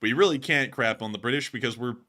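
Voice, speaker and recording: A man's voice: mid-range voice, quick pace, bright, forceful tone. A man from the United States hosting casual war news commentary, chatty and laughing often.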